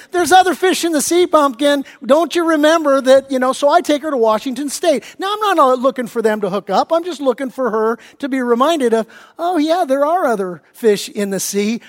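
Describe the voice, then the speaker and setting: High-voiced pastor preaching with hall reverb. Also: male voice. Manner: animated storytelling, acting out his family's voices. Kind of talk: sermon. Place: church sanctuary.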